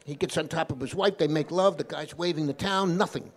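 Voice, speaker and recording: A fairly high-voiced man spinning a joke and show-business stories for a live audience. He tells it with animation and keeps sliding into little voices for the characters. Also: fast talker. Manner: animated storyteller who slips into voices. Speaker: guest actor.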